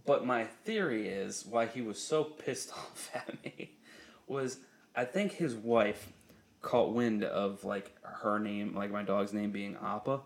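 A man's voice: fairly low pitch, takes it slowly, creaky. A young man co-hosting a podcast, telling a story in casual, profane chat and laughing often. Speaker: podcast co-host.

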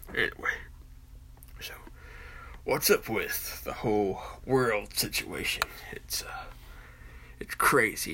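A man's voice: lowish voice, creaky, pushed and bright. A man in his forties with a Southern US accent, hosting a podcast in a casual, rambling monologue full of fillers and restarts, with folksy country talk. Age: 40s. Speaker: podcast host.

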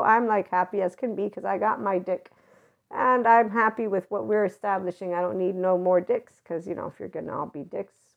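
A woman's voice: medium pitch, gravelly. A woman host telling personal stories in a blunt, profane way, often breaking into laughter. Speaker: podcast host. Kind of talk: candid storytelling monologue. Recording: dull lo-fi recording.

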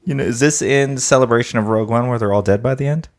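A man's voice: medium pitch, quick pace, a little mellow. A man hosting a casual podcast, playful and affectionate, teasing as he chats. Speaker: podcast host. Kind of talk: casual chat.

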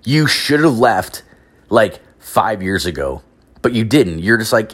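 A young man from Canada, pitched a little low, rants through a story in loose casual talk. He swears constantly, leans on "like" as filler, and jumps up in pitch to mimic the people he quotes. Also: sing-song, unhurried, fairly bright tone. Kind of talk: profane casual storytelling rant.

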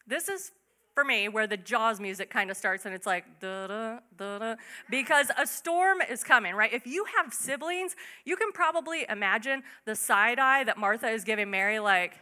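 A young woman giving a casual, chatty Bible teaching, acting out quick asides. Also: on the high side, pushed and bright. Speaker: bible study speaker.

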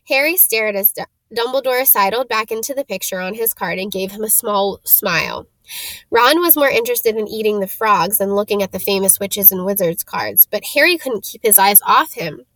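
A woman reading a storybook aloud, steady with small stumbles over names. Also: medium pitch, normal speed, no room sound. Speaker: reader.

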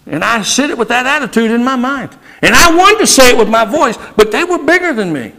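A male pastor delivering a sermon, moving between casual asides, sudden shouts and slow emphatic stretches. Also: very high-pitched, big pitch swings, poor audio.

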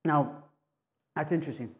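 A man preaching a conversational sermon, talking in a casual, halting way with many restarts and tag questions. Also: a little high. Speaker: pastor.

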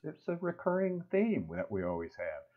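A lively man co-hosts a relaxed weekly talk show. He laughs easily and chats warmly with his co-host. His voice comes through a thin, phone-like line. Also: moderate pace. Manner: animated, laughs often, acts out cartoon lines in a high voice. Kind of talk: casual chat.

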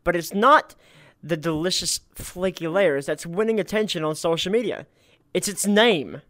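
A man's voice: high voice, moderate pace, fairly bright tone, no room sound, clean studio sound. A man hosting a casual podcast chat, laughing often and reading out news items with restarts. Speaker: podcast host.

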